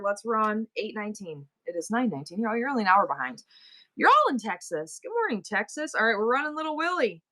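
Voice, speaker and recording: A chatty middle-aged woman with a New York accent runs a live selling stream, joking around and thanking viewers as she goes. Her voice sits at an ordinary middle pitch for a woman. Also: pushed and bright. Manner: chatty, playful, talks straight to viewers. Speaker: livestream seller.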